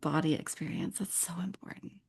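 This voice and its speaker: A woman hosts a podcast conversation and answers her guest with affirming remarks. Her voice sits fairly low and has a noticeable gravelly fry. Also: big pitch swings, brisk, darkish tone, in a whisper. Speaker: podcast host.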